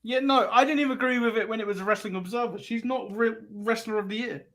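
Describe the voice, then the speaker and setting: A man's voice: high voice, fast, fairly bright tone. A man co-hosting a casual live stream, teasing his partner and laughing often. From England. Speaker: co-host.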